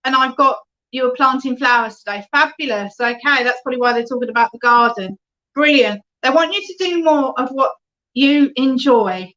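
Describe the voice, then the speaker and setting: A fairly high-voiced woman leads an online spiritualist reading as the medium. She talks in a warm chatty flow and keeps checking in with "okay?". The sound is dull and lo-fi, like a home web stream. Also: normal speed. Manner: chatty, reads out viewer comments, often adds "okay?".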